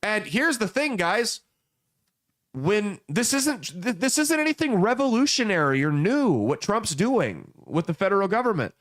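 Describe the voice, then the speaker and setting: A man's voice: sits high, big pitch swings, unhurried, a bit bright. A young adult man hosting casual political commentary, telling folksy parables with blunt emphasis. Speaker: podcast host.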